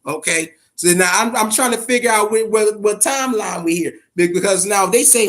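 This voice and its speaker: A man with a fairly high speaking voice hosts a casual boxing podcast. He talks emphatically and curses freely, often stumbling over repeated words as he gets worked up. Now and then he answers his viewers' comments directly. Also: normal speed, hardly any pauses, fairly bright tone. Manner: profane, emphatic, repeats words when fired up; addresses chat viewers directly. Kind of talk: casual live-stream commentary.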